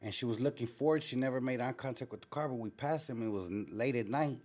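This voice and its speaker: A man's voice: mid-range voice, fast talker, a little mellow. A man hosting a live call-in show, telling a story in a casual, slang-heavy way. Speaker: host. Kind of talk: casual live-stream talk.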